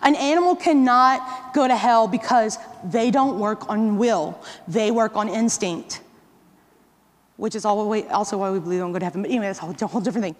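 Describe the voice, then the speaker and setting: A woman's voice: mid-range voice, a little fast. A woman giving a live workshop talk to catechists, conversational and often checking in with "right?" and "okay?". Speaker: workshop presenter. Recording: long hall reverb.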